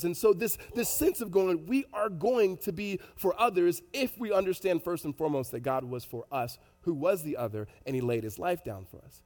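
A man preaching a sermon in a conversational storytelling way, animated, with many fillers and restarts. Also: high-pitched, normal speed, hardly any pauses, in a large hall. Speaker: pastor.

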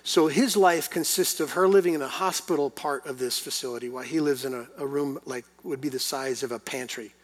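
A man's voice: mid-range voice, brisk, few pauses. A middle-aged man preaching a sermon, telling a family story and then pressing his point with rhetorical questions. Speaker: pastor.

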